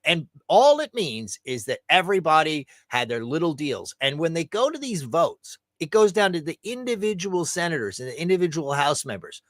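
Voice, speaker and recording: A man's voice: a little high, big pitch swings, moderate pace, few pauses, a bit bright, no room sound. A middle-aged man from the United States giving ranting political commentary, profane and sarcastic, acting out the people he quotes. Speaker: show host.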